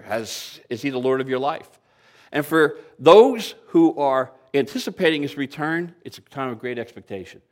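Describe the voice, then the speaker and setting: A man in his sixties, medium-pitched and moderately paced, preaches a sermon to his congregation. As a pastor, he keeps it conversational and lightly humorous, posing rhetorical questions to his listeners.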